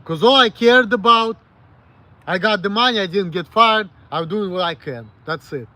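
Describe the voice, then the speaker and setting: A man's voice: high-pitched, bright, forceful tone. A man in his late thirties with a Russian accent, rambling frankly and with plenty of swearing as he answers viewers on a livestream. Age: late 30s. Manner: rambling, frank, profane, halting self-corrections. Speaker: streamer.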